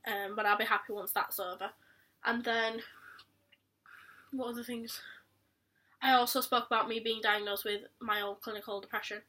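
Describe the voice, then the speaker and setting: Young Yorkshire woman vlogging, bright voice. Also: medium pitch, far from the mic. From Yorkshire, England. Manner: candid, rambling, with frequent ums. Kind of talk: casual talk to camera.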